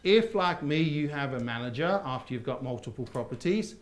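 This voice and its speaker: Quizzing his audience through call-and-response, this man teaches a live property seminar in an animated, medium-pitched voice at a fairly quick pace. The seminar hall makes the sound roomy.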